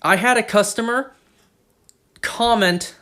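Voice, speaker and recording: A man's voice: sits high, takes it slowly, bright, forceful tone. A man with a Canadian accent, chatting casually and rambling as a streamer while he plays. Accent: Canadian English. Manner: rambling, chatty, repeats himself. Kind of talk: casual chat while gaming. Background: game music.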